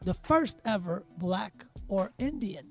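A man's voice: high voice, lively intonation, slow, gravelly, soft background music. A man hosting a casual podcast, giving opinionated commentary with passion and emphatic repetition. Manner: passionate, emphatic, repeats words for stress.

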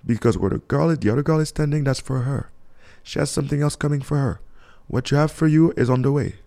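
Mellow-voiced man giving emphatic radio advice. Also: medium pitch, quick pace, creaky. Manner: emphatic, preachy and motivational, chuckling often. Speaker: radio advice show host. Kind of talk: casual advice talk on radio.

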